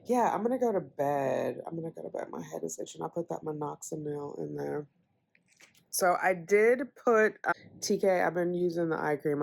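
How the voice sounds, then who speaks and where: A woman's voice: low voice, creaky. A young adult woman vlogging in a casual, chatty way about her day. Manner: chatty, animated storytelling. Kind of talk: casual vlog chat.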